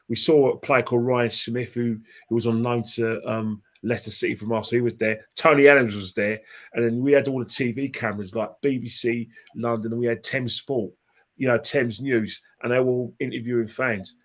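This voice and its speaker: A man of ordinary pitch tells a football story in a casual podcast chat. He rambles, restarts his sentences and repeats phrases, and he is heated and impassioned as he goes. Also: fairly even intonation, moderate pace. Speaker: podcast guest, football fan.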